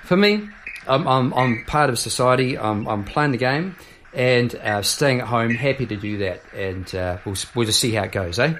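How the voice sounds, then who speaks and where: A man's voice: mid-range voice, lively intonation, moderate pace, background noise. A jovial, chatty man hosting a casual video chat, laughing easily. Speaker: host. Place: Melbourne.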